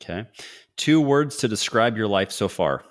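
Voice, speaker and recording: A middle-aged man hosting a podcast in a casual, upbeat and jokey way, firing off quick quiz questions. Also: fairly low pitch, lively intonation. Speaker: podcast host. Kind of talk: casual interview talk.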